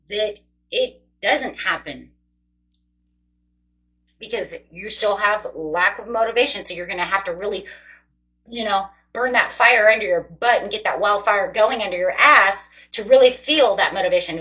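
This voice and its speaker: A woman's voice: mid-range voice, a bit bright, rough recording. A woman giving a casual tarot reading to her viewers, chatty, rambling and encouraging. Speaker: tarot reader.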